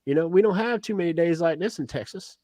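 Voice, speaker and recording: A man's voice: on the high side, quick pace, warm tone, no echo, voice pushed up, natural voice. A boastful Texan in hell who brags that home is hotter, in a raised voice. A man voices him while telling a joke. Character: cocky dead Texan man, unbothered by heat.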